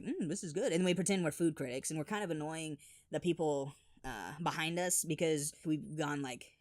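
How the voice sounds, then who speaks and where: A man telling funny childhood stories in an animated, exaggerated voice-over. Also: a little high, no echo, clean studio sound. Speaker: storyteller. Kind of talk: animated comedic storytelling.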